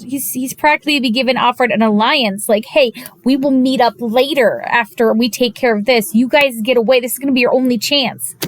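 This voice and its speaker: A woman with a fairly high voice chats through an anime episode recap, animated and exasperated by turns, slipping into quick voices for the characters she quotes. The sound is dry and close, with no room around it. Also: no room sound. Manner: animated, gushing and exasperated storytelling. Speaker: anime reviewer.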